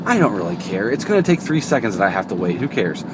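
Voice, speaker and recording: A man's voice: fairly low pitch, big pitch swings, fast talker. A young man vlogging from behind the wheel, chatting casually and joking, into a phone stuck to the car window. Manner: rambling, joking, self-interrupting. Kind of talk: casual chat to camera. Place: inside a car, driving. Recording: road noise inside a car.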